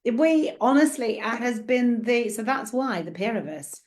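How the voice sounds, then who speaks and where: A woman with a New Zealand accent, an author talking about her book in an interview with high, encouraging energy. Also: animated, unhurried, a little mellow. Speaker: author guest. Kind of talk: casual interview chat.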